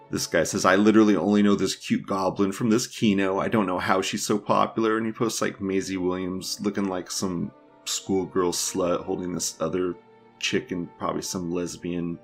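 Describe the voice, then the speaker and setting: A man's voice: low-pitched, vocal fry. A man hosting a podcast, casually reading forum posts aloud with crude jokes and frequent laughter. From United States. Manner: crude, joking, laughs often. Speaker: podcast host.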